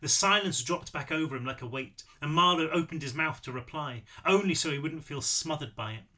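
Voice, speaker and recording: A man reads his novel aloud as narration, expressive and relaxed about small slips he corrects as he goes. His voice is bright and slightly high. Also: brisk. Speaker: author reading his novel. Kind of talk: audiobook read-through.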